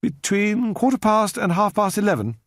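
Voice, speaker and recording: A woman's voice: mid-range voice, sing-song, moderate pace, dry recording, pitched above the performer's own voice. A genteel older lady with a dated southern English accent, courteous but distant, her voice lifted well above a man's usual register, as a male narrator puts her on. She speaks in formal, old-fashioned phrases in an audiobook reading, recorded dry and close. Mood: gracious.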